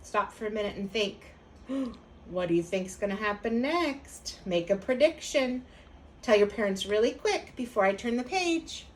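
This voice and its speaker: A woman reading a picture book aloud to children as a teacher, pausing to ask them for predictions. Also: mid-range voice, expressive, a little hiss or hum.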